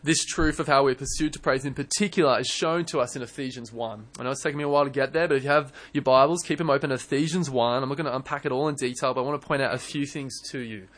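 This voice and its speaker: A young man preaching a sermon in church, earnest and animated, often restarting his words. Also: mid-range voice, fast talker, few pauses. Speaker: pastor.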